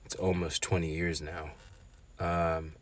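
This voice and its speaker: A man in his twenties hosting a solo podcast, speaking in a hesitant, candid way with frequent pauses and restarts. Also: low-pitched, level tone, a little hiss or hum. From Zimbabwean family. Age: 20s. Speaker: podcast host. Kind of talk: reflective solo podcast talk.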